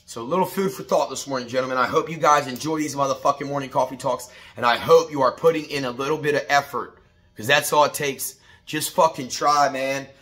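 A middle-aged man giving a blunt, profane morning motivational talk, preachy and repetitive, building to shouted pep-talk bursts. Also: mid-range voice, fairly quick. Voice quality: profane, blunt, street-casual. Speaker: motivational vlogger.

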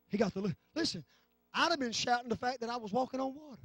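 A man preaching a fervent sermon in church, swinging from low talk to shouting. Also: sing-song, fast, breathy edge, dry recording, studio quality. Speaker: pastor. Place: church sanctuary.

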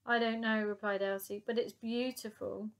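A woman voicing a brave, tender young girl in a storybook reading, earnest and gently pleading. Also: medium pitch, flat delivery, moderate pace, lightly acted.

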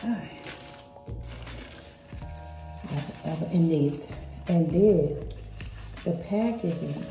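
A woman's voice: deep voice, takes it slowly, long pauses, warm tone, roomy sound, faint music behind. Gushing fifty-something woman vlogger. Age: 50s. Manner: gushing, chatty, talks straight to viewers. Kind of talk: casual vlog unboxing and travel chat.

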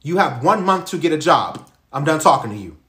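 A man's voice: a little high, very animated, a little fast, a bit bright, reverberant. A man voicing a stern, threatening middle-aged father who makes blunt threats.

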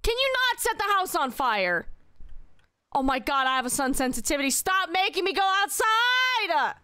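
Young woman streamer, high bright voice, exasperated and swearing, dry close mic. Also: very animated, moderate pace, dry recording. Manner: exasperated, swearing, yelling at chat. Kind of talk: live game streaming.

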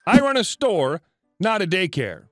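High-voiced man narrating a story. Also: sing-song, unhurried, fairly bright tone, no echo. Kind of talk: scripted narration. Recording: dry close voice with faint music.

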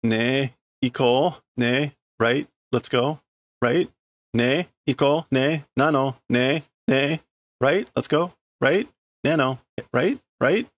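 A man's voice: medium pitch, takes it slowly, dry recording, voice pushed up, close to an everyday voice. A man reading the lines of a playful, insistent little girl scientist from a comic, with a wheedling, repetitive manner. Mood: coaxing. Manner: wheedling, repeats itself.

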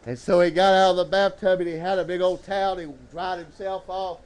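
A man preaching a storytelling sermon at a church service, calling out to the congregation and swooping into slow, dramatic phrases. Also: sits high, little pitch movement, clean tone.

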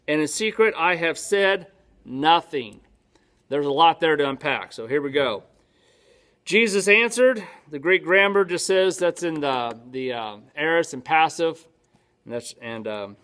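A man's voice: a little high, fairly bright tone. A male pastor teaching a sermon in a church, conversational, often asking his congregation questions and answering them himself.

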